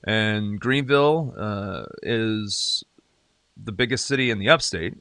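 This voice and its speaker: A middle-aged man from South Carolina with a light Southern accent, talking as a podcast guest in his home studio, chatty and animated with frequent restarts. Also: fairly low pitch, takes it slowly, smooth, no room sound. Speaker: guest, singer-songwriter and radio DJ. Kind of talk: casual interview chat.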